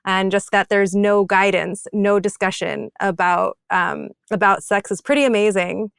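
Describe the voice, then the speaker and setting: Female podcast host, affirming interviewer; smooth voice, dry close recording. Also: mid-range voice, fairly even intonation, unhurried, no echo.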